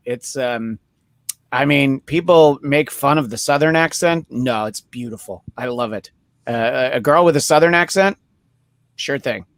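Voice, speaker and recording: A man hosting a podcast in casual chat, rambling and joking with many filler pauses. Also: medium pitch, dry recording. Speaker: podcast host.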